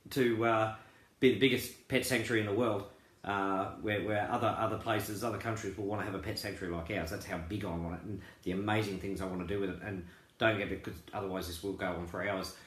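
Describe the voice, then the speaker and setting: A man with a fairly low voice talks earnestly and at length to his members. He rambles, stops, restarts and fills gaps with "um" and "you know." The recording carries a roomy echo. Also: fairly even intonation, quick pace. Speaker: crypto group founder. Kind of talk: casual promotional talk.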